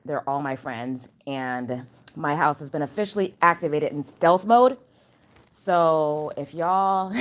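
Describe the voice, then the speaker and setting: A woman chatting at home in a casual spiritual vlog, animated and rambling, with loose slangy talk. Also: deep voice. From Chicago area. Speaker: channel host.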